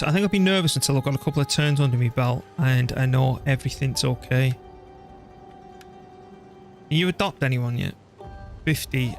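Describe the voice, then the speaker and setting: Chatty man streaming a strategy game. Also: medium pitch. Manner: chatty, self-deprecating, talks to his PC and game while playing. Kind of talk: live gameplay commentary.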